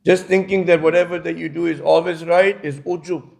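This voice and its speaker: A man's voice: a little high, fairly even intonation, fairly quick, vocal fry. A man delivering a conversational religious lecture, telling stories with many casual asides. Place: community centre lecture.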